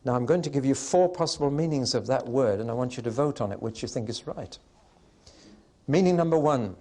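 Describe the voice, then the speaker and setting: Man, preacher, sermon, emphatic, wry, mid-pitched voice. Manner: emphatic, wry, lively delivery with pauses.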